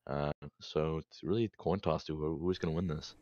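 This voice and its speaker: A man giving relaxed esports color commentary, recapping the plays step by step. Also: extremely low pitch, brisk, dull audio.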